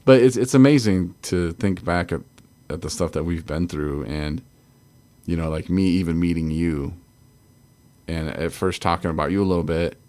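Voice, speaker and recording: A man's voice: low-pitched, normal speed, mellow. A man co-hosting a recovery podcast, from Michigan, talking in a rambling way with frequent laughs and restarts. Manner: rambling, self-interrupting, laughs often. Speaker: podcast co-host. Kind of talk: casual chat.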